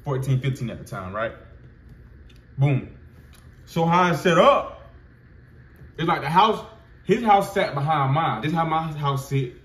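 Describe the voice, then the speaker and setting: Man in his twenties, slangy profane storyteller, fairly high voice, echoey room. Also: lively intonation, measured pace, long pauses, a bit bright. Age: 20s. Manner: loose, profane street slang with many fillers. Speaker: vlogger. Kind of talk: casual storytelling.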